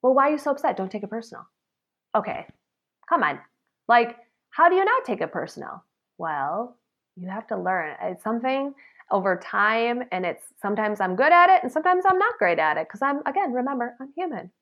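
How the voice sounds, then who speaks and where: A woman's voice: fairly high pitch, sing-song, normal speed, dull audio. A woman in the salon trade giving an earnest, chatty motivational talk. She often checks in with "okay?" and "right?" and acts out the remarks she quotes. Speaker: salon professional sharing advice.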